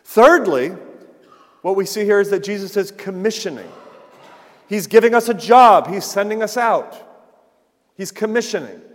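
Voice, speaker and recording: A pastor with a fairly high voice delivers an earnest sermon, rising to loud stresses and then falling to a near hush. His voice carries through a church sanctuary with a long, lingering reverb. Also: normal speed, long pauses. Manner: earnest preaching, swinging from loud emphasis to hushed softness.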